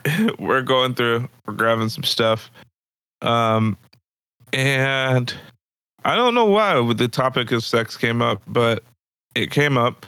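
A man's voice: mid-range voice, takes it slowly, bright, forceful tone, smooth, no echo. A man casually telling a story on a podcast from his apartment, laughing often and using crude slang. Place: apartment room.

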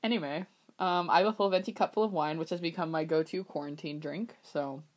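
A young woman chatting on a podcast with a lowish voice. She jokes and teases, her sarcasm easy, with a casual swear thrown in. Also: brisk. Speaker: podcast co-host. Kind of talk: casual chat.

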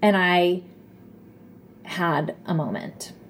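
A woman's voice: fairly low pitch, drawn-out words, slight background noise. A woman in her thirties telling a personal story in a rambling way, full of fillers and tag questions, her voice catching with tears. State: tearful, voice catching. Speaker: self-help speaker.

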